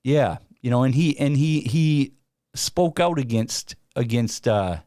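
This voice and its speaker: A man hosting a reaction video, talking in a slow, hesitant way with many fillers and restarts. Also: medium pitch, animated, mellow, no echo, studio quality. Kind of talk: casual commentary.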